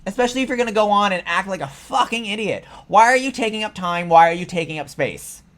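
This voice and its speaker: A man's voice: high-pitched, expressive, fast talker, fairly bright tone. A man hosting a vlog, delivering a heated, profane reaction rant. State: sweaty after ranting. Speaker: political commentary vlogger.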